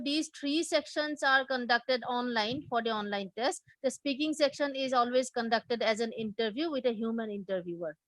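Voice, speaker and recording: High-voiced woman teaching a webinar. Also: a bit bright, dry recording, poor audio. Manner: explanatory, asks the audience questions, frequent fillers and restarts. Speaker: test prep instructor. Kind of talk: live webinar presentation.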